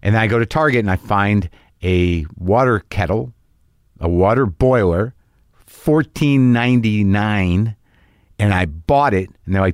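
A man's voice: lowish voice, measured pace, no room sound, clean studio sound. A middle-aged man hosting a podcast, telling a comic story in a rambling, self-mocking way with sudden exasperated, profane outbursts. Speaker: podcast host.

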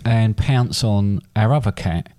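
A man's voice: on the low side, unhurried, dark tone. A middle-aged man co-hosts a podcast with his son. He chats casually with a dry, teasing humor. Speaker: podcast co-host. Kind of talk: casual chat.

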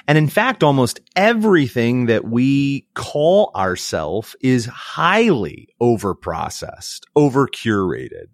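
A man from the United States speaks as a podcast guest, reflective and unhurried. His pitch swings widely as he tells stories and acts out the voices of others. The sound is dry and close. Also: no echo. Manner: animated, acts out quoted voices. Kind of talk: reflective storytelling conversation.

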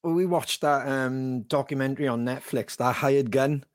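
Enthusiastic podcast co-host. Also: male voice, mid-range voice, normal speed, no echo, clean studio sound. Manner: enthusiastic, swears freely, lots of fillers. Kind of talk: casual podcast interview.

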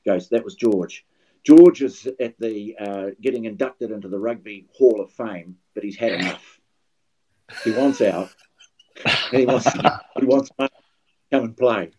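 Speaking with a New Zealand accent, an older guest commentator shares stories during relaxed podcast talk, often starting his sentences over. He has a fairly low, warm voice and a measured pace, but the recording quality is poor.

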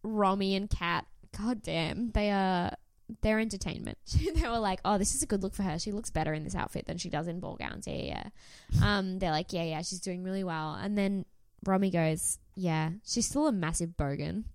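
A young woman co-hosting a podcast, recapping a reality show in animated, sweary, laugh-filled chat. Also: mid-range voice, moderate pace, few pauses, clean tone, no echo, clean studio sound. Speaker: podcast co-host.

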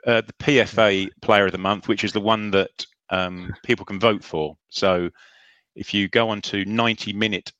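A man hosting a casual football chat show, greeting listeners and talking in halting restarts. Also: on the low side, fairly even intonation, fairly bright tone, no echo, dull audio. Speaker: podcast host.

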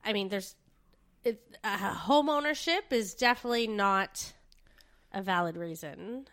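A woman co-hosting a casual podcast, agreeable and quick to laugh. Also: medium pitch, a bit bright. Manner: giggly, agreeable. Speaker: podcast co-host. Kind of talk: casual chat.

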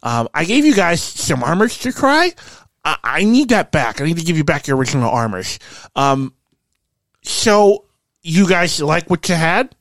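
A man voicing an eager, jittery young male blacksmith in a squeaky, breathless way while running a tabletop game. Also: sing-song, normal speed, a bit bright, dry recording. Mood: earnest.

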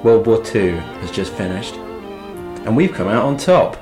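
A man's voice: lowish voice, animated, normal speed, a little mellow, soft background music, lightly acted. Man putting on a smug 1950s American booster. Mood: smugly cheery. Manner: ironic mock-patriotic boasting.

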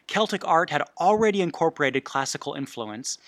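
A man's voice: fairly high pitch, lively intonation, a little fast, a bit bright, dry recording. A man hosting a history podcast, reading notes in an informal way with asides and self-corrections. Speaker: podcast host.

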